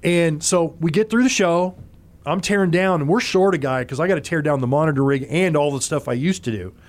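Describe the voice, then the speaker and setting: A man, a former concert monitor engineer, telling stories in a relaxed interview and acting out other people's lines as he goes. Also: a little high, a little fast. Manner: animated raconteur, acts out other people's lines. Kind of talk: casual storytelling in an interview.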